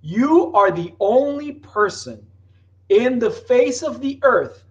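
A man's voice: very high-pitched, lively intonation, takes it slowly, dull audio. A man who works as a business consultant, giving blunt, emphatic advice straight to his viewers and swearing freely. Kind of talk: direct-to-camera business advice talk.

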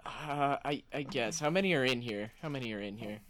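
A man's voice: medium pitch, a little fast, a bit bright, a little hiss or hum, lightly acted. A man improvising as a flustered, hungry husband, stammering and hesitant. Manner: stammering, hesitant, lots of uhs. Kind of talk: improv comedy scene.

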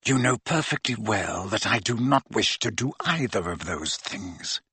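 A low, quiet, menacing schoolmaster, as a male audiobook narrator puts him on, each word clipped and cold. The tone stays bright and a little husky, with a dry close sound. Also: lively intonation, unhurried, no echo, full character voice. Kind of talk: audiobook character voice.

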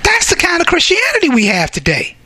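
A man preaching a fervent sermon, reading scripture aloud and breaking into shouts to drive his points home. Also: very high voice, wildly swooping pitch, fairly quick, dry recording.

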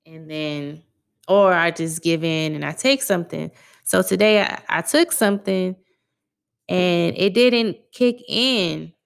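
A young adult woman hosts her own podcast, chatting solo in a laid-back, slangy, conversational way. Her voice is fairly low, slow, and gravelly, with a clean tone.

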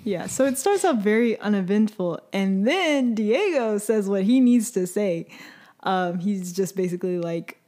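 A young woman in casual conversation, telling a story with energy and dropping into little voices for each character. Her pitch sits in the middle range for a woman, and she often breaks into laughter as she goes. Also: lively intonation, measured pace, dark tone. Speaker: podcast co-host recapping a series. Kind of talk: casual chat.

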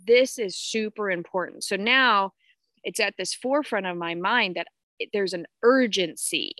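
A woman's voice: mid-range voice, sharp tone, no room sound. Candid swearing woman, dry close sound. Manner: candid, swears freely, greets viewers. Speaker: podcast host. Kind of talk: casual spiritual live talk.

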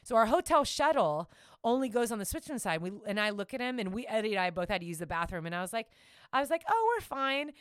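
Smooth-voiced giggly woman storyteller. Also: a little high, quick pace, dry recording, clean studio sound. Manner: animated, giggly, acts out quotes. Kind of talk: casual storytelling chat.

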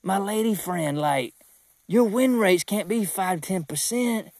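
A man's voice: sits high, measured pace, vocal fry, breathy edge, no echo, clean studio sound. Rambling, fired-up podcast host, a man. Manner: rambling and animated, with emphatic repeated no's; self-deprecating asides. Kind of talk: casual business talk.

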